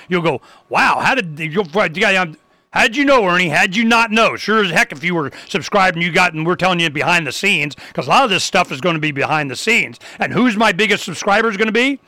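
A man hosting a talk show, delivering a rambling, fired-up rant with sudden loud, emphatic bursts. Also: high voice, dry recording. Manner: loose and rambling, with restarts. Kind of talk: ranting talk show monologue.

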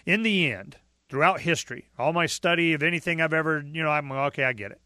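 A man in animated political talk, emphatic and storytelling, acting out the people he quotes. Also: a little high, fast talker, no room sound, studio quality.

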